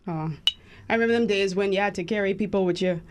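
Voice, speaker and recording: Woman from the Bahamas, radio co-host, animated and chatty. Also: medium pitch, fast talker. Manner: lively storytelling, animated and laughing. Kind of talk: casual chat.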